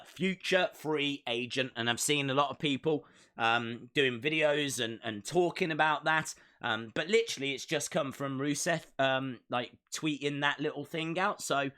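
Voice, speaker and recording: A man's voice: on the high side, bright, forceful tone. A man hosting a live stream and rambling in a jokey way while he answers chat comments. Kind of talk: casual live watch-along chat.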